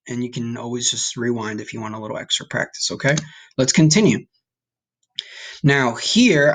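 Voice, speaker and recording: A man's voice: mid-range voice, fairly bright tone. Encouraging male Spanish teacher. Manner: patient, encouraging, checks in with "okay?". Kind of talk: recorded online lesson.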